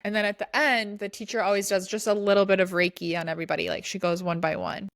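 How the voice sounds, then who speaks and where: A woman's voice: mid-range voice, little pitch movement, quick pace, no room sound, studio quality. A woman co-hosting a podcast, telling a story in a casual, rambling way with lots of restarts. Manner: chatty, rambling with many restarts and "like". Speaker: podcast co-host. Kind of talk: casual chat.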